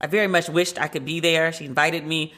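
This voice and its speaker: A woman hosts her podcast alone from her open-plan home loft and talks in a lively, casual way. Her voice is bright and forceful. She chats in long running stretches with plenty of "like" fillers. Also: deep voice, a little fast. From based in Los Angeles. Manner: chatty and animated, many "like" fillers. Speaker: podcast host. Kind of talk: casual solo chat.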